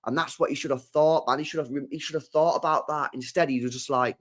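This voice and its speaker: A man's voice: mid-range voice, fast, hardly any pauses. Slangy young man chatting football. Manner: slangy, rambling, animated asides. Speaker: football channel host. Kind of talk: casual livestream chat.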